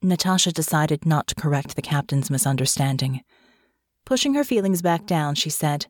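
A woman reads a fantasy story in a steady, measured manner. Her voice sits low. The sound is dry and close, with no room in it. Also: dry recording. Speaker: audiobook narrator. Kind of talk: scripted fantasy narration.

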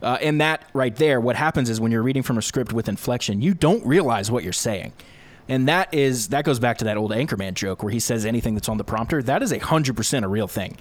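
A young man, a video creator, talking through his work process in a relaxed, chatty interview. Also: mid-range voice, a little fast. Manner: explains step by step, relaxed and talkative. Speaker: YouTube creator, guest. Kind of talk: casual conversational interview. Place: home studio room.

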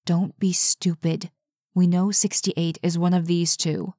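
A woman reading aloud, voicing an impatient, gruff man who speaks in a curt, scornful, demanding way. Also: fairly low pitch, level tone, measured pace, dark tone, no echo, studio quality.

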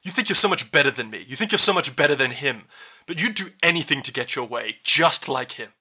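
A man voicing a wild, near-mad woman villain who shouts threats in a raised voice. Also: animated, a little fast, breathy edge, exaggerated voice. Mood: bitter. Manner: shouting, high-pitched threats.

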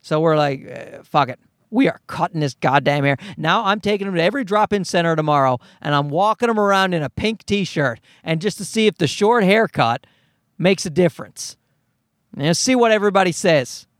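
A man's voice: high voice, lively intonation, fairly quick, no echo, clean studio sound. A man, a father of a toddler, ranting in an exasperated, profane comedic monologue.

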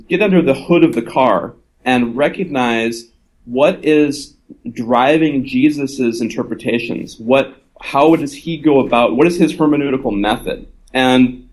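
A man of ordinary pitch gives a conversational talk at a live gathering. He is earnest and reasons aloud as he goes. He often slips into the voices of the people he quotes. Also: low-quality recording. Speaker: author and invited speaker.

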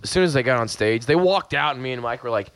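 A young man bantering crudely with friends, loud and joking, breaking into shouts. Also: medium pitch, animated, quick pace, clean tone, no echo.

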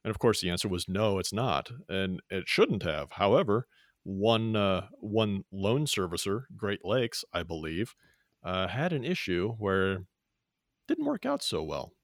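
A man's voice: sits low, sing-song, measured pace, dry recording, clean studio sound. A man co-hosting a personal finance show, explaining things plainly and easily with a few fillers. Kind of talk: casual radio show banter.

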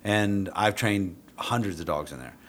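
This middle-aged police dog trainer's voice sits low and moves a little slowly, with slight background noise. He tells his story in a casual, blunt, foul-mouthed way, jumping into animated quotes of himself.

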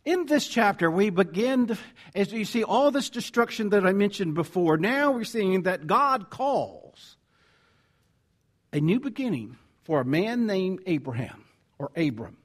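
A man's voice: sits high, measured pace. A man with a Southern American accent preaching a conversational sermon, reading scripture and correcting himself as he goes. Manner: animated, conversational, self-correcting. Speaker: pastor.

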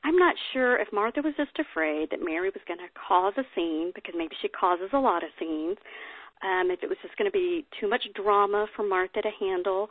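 A woman's voice: mid-range voice, no room sound. Woman workshop speaker, conversational Bible teacher, reads aloud with chatty asides; dry, tinny phone-line recording.

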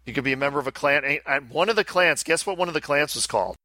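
Bright-voiced rambling male podcast host. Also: fairly high pitch, rapid-fire, dry recording. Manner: rambling, self-interrupting, chatty. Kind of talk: casual chat.

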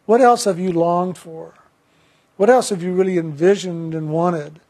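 A man voicing a calm male spirit guide who speaks gently and persuasively, in his own high voice. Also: a little slow. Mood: gentle.

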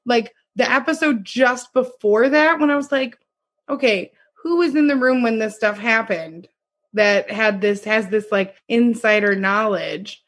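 Conversational woman with a higher voice. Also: a little slow, fairly bright tone. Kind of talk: casual chat reviewing a TV series.

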